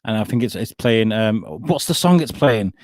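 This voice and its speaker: A man's voice: fairly low pitch, expressive, normal speed, a little mellow, no echo, studio quality. A young man hosting a comedy podcast, bantering casually, swearing freely and laughing often.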